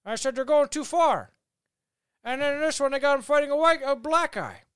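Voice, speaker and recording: A man's voice: extremely high pitch, fairly quick, fairly bright tone, no echo, clean studio sound, voice pushed up. A man doing an impression of an elderly politician who stumbles and repeats words. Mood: rambling. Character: rambling elderly male politician.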